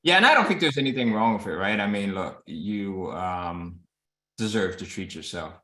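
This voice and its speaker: A man's voice: fairly low pitch, lively intonation, moderate pace, sharp tone. Host, male, casual motivational chat over a call, recorded with roomy echo. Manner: coaching tone, acts out quoted voices, says "right?" often. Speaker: host of a publishing business call.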